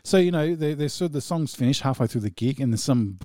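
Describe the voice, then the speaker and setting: A man's voice: medium pitch, expressive, quick pace, mellow, no room sound, clean studio sound. A man co-hosting a music show, chatting casually in a rambling way, full of fillers and laughter. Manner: rambling, full of "you know" and "like", laughs often. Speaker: radio show co-host. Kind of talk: casual chat between songs.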